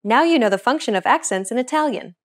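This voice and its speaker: A woman hosting a scripted beginner language lesson. She explains each grammar point in a clear, steady teaching voice. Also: on the high side, fast talker, slight background noise.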